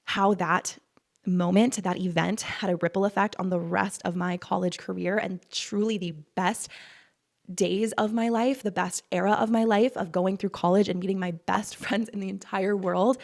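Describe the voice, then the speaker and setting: A woman in her twenties telling a personal story in a vlog, animated and acting out what people said. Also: moderate pace, creaky. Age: 20s. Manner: animated, re-enacts quotes with big jumps in pitch. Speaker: vlogger.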